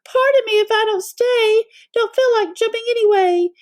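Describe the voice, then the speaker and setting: A woman's voice: very high voice, normal speed, voice pushed up. A woman voicing a cheeky young girl in a storybook, pert and flippant.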